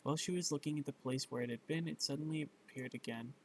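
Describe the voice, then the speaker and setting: A man reading a bedtime story aloud in a gravelly, mid-pitched voice. He stumbles over words, corrects himself and drops in fillers, with a faint hum of room sound behind him. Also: fast, poor audio.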